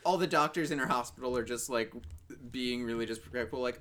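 Regular mid voice guy, lots of uh and like while pitching ideas. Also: fairly quick, fairly bright tone. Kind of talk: casual improv brainstorming.

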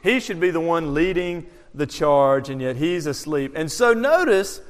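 A man with a high voice preaches a verse-by-verse sermon. He leans on rhetorical questions and moves between raised exclamations and hushed, slow remarks. His voice rings out with a long echo in a large hall. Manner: animated, rhetorical questions, swings from loud to hushed. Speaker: pastor. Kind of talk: expository sermon.

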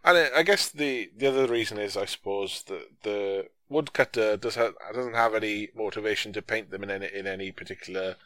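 A man's voice: lowish voice, brisk, few pauses, a bit bright, no room sound. A man in a casual film discussion, talking in a hesitant, wry, slangy way.

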